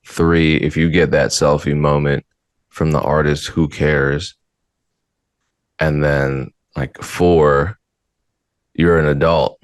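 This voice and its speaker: Blunt low-voiced man, dry close sound. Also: level tone, slow, long pauses, no room sound. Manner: blunt, exasperated, mocking. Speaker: podcast host. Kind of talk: casual commentary.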